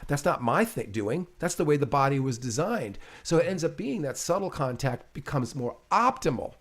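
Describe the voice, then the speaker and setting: A man's voice: fairly high pitch, big pitch swings, moderate pace. Emphatic man explaining with energy. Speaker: interview guest, chiropractor. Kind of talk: casual conversation.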